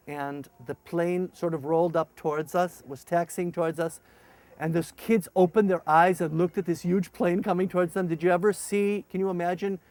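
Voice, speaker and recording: A man's voice: high voice, no echo. A middle-aged man, a former paratrooper officer telling his story and acting out dialogue. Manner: animated, acts out dialogue in raised voices. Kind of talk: storytelling testimony.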